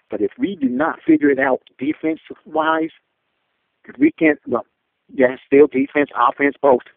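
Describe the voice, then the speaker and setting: A gravelly-voiced man calls in over a tinny, dry phone line. He rants angrily and swears constantly, his voice leaping high when he gets worked up. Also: no echo. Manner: angry, profane, pitch jumping sharply. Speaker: caller. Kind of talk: fan call-in rant.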